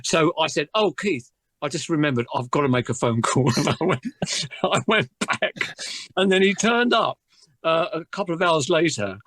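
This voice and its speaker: A man recalling a studio story as a guest musician, with halting delivery full of fillers. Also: a little high, animated, a bit bright, dry recording. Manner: chuckling, halting, with many fillers. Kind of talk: anecdotal storytelling.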